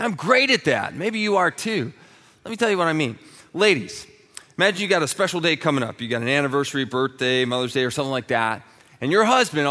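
A man preaching a sermon with humorous stories, talking in an animated way and acting out comic voices. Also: a little high, in a large hall. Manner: quiet and hushed while praying. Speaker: pastor.

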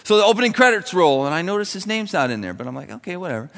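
A fairly high-voiced young male pastor preaches in a church, and his words ring out with a long hall reverb. He swings between quiet prayer and animated, acted-out storytelling, playing both sides of the conversations. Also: rapid-fire, creaky. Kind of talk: sermon with storytelling. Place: church sanctuary.

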